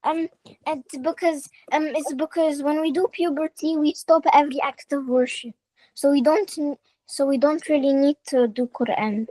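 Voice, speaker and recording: Girl student on a video call, hesitant answers, very high voice, dry sound. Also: fairly even intonation, normal speed, mellow, no room sound, low-quality recording. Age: young. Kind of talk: answering in an online class.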